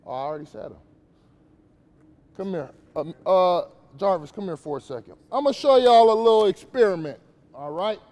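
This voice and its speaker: A man's voice: sits high, animated, normal speed, darkish tone, long reverb tail. A man giving a casual, slangy motivational talk to young players at a basketball camp, questioning the kids as he goes.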